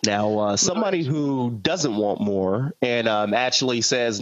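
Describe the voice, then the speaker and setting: A man co-hosting a podcast in casual, hesitant banter full of pauses. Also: mid-range voice, expressive, a bit bright, a little hiss or hum. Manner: laid-back, hesitant, full of ums. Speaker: podcast co-host. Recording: dry, slightly dull podcast audio.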